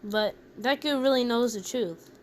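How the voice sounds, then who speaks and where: A woman's voice: fairly high pitch, normal speed, a little hiss or hum. A woman casually narrating a fan story with chatty rambling asides.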